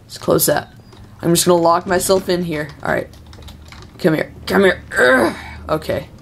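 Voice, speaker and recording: A woman's voice: lowish voice, moderate pace, gravelly, a little hiss or hum. A young woman doing nervous, self-talking commentary while playing a horror game. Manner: nervous, talks to herself and the game. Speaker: gamer.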